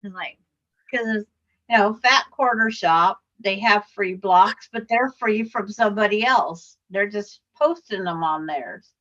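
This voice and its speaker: A woman quilter in an online group chat talks casually on a video call, rambling and listing sources in passing. Her mid-range voice is a little slow with a fairly bright tone, and the video-call audio is muffled.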